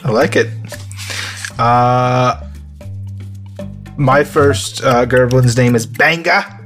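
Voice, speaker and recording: A man's voice: mid-range voice, drawn-out words, fairly bright tone, faint music behind. A man running a casual tabletop role-play game, rambling and laughing as he describes characters. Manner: rambling, many fillers, laughing. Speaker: game runner reading the rules.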